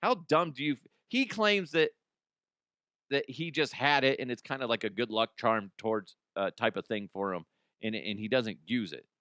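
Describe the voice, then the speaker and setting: The comedic news host speaks at a medium pitch and moderate pace in a bright, forceful tone, recorded cleanly in a studio without echo. Casual and blunt, he restarts often, swears, and laughs at his own jokes as he rambles through the headlines.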